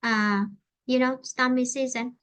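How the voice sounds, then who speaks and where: A woman's voice: high voice, fairly even intonation, measured pace, fairly bright tone, clean tone. A woman with a Vietnamese accent teaching an English lesson, switching between Vietnamese and English and explaining with many fillers and restarts.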